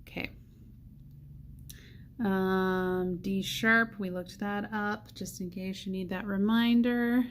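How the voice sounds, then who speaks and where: A woman teaching a saxophone part, thinking aloud and counting rhythms out loud. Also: medium pitch, steady tone, takes it slowly, long pauses. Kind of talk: music lesson walkthrough.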